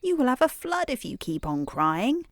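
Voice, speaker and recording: A woman voicing a fussy talking male frog in a gentle bedtime story. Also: on the low side, expressive, slow, dry recording. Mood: alarmed.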